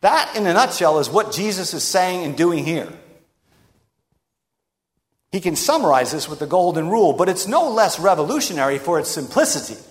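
A man preaching a sermon in an emphatic, rhetorical way with dramatic pauses. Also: high-pitched, sing-song. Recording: long reverb of a large hall.

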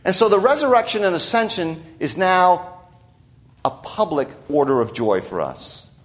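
Lively, animated male preacher. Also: sits high, moderate pace. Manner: conversational preaching with frequent "right?" asides. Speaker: pastor. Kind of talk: sermon.

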